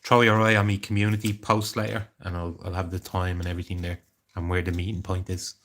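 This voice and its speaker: Rambling low-voiced Irish man streaming live. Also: little pitch movement, quick pace, fairly bright tone. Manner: rambling, talks to chat viewers by name. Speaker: livestreamer. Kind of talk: casual live-stream chat.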